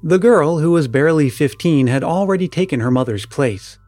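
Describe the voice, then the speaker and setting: A man's voice: fairly high pitch, expressive, moderate pace, darkish tone, dry recording, faint music behind. Man reading a story, dry and close. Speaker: story reader. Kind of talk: storybook narration.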